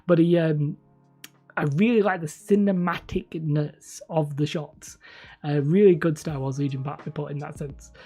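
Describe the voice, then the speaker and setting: Host of a live stream: a low, husky-voiced woman with a slight lisp, rambling and correcting herself, with faint music behind. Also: steady tone, moderate pace, mellow. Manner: rambling, self-correcting, laughs often. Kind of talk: casual livestream chat.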